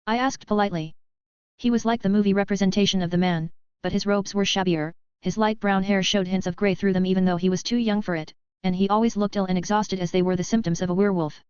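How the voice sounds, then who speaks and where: Woman audiobook narrator, smooth and calm, dry close sound, slightly dull. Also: mid-range voice, fast talker, no room sound. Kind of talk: scripted narration.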